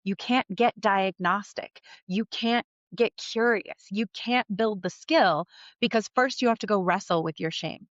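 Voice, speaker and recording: A woman life coach talks straight to her listeners in a candid, conversational solo podcast, blunt and unbothered about swearing. Her voice sits at an ordinary middle pitch. The recording is a little dull and muffled, with a dry, close sound. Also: a little slow, no echo.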